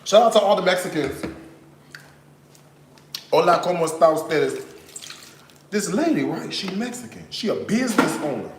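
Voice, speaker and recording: There's a little hiss or hum and a roomy sound as a high-pitched man hosts a cooking stream from his home kitchen. At a moderate pace with long pauses, he tells animated stories and chats directly with viewers while he cooks.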